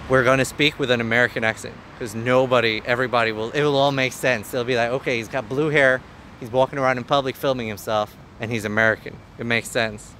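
Irish guy doing a hammy fake American voice, deeper than his own, loud traffic behind. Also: big pitch swings, unhurried, distant mic, rough recording. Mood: playful. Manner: exaggerated, playful. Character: Irishman faking a broad American accent. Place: outdoors on busy city streets. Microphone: handheld camera filming himself. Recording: street traffic noise behind.

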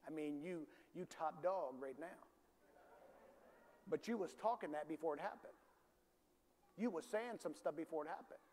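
A male pastor from the preaching a sermon in a large church, calling for responses and rising to shouts. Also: a little high, normal speed, long pauses, a little hiss or hum. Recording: reverberant hall, faint ambience.

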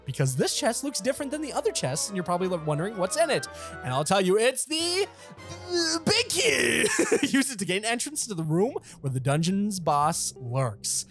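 A young man playing through a video game, chatting excitedly, laughing often and talking back to the game. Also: high-pitched, moderate pace, soft background music. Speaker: gaming channel host. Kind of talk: let's play commentary.

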